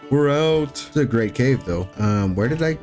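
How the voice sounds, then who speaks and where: A young man giving jokey, excitable commentary while playing a survival game, yelping at sudden scares. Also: fairly low pitch, moderate pace. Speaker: gaming YouTuber. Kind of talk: Minecraft commentary. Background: faint music.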